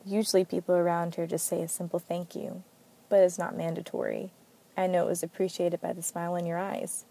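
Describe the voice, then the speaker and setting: Protective cop guy, earnest and worried, woman reading him, mellow low voice. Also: level tone, fairly quick, vocal fry. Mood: charming. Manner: earnest, concerned. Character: male officer, earnest and protective.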